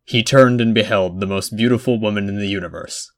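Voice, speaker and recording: A man narrating a fan fiction chapter aloud in a measured storytelling manner. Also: fairly low pitch. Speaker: audiobook narrator.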